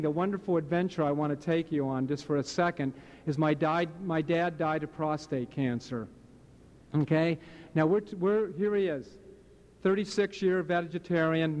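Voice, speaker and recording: A man's voice: a little high, a little mellow, dull audio. A man in his late fifties from Hawaii, sharing his story with a live audience in an earnest, rambling way. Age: late 50s. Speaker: speaker sharing at a recovery meeting. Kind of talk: personal testimony to a live audience.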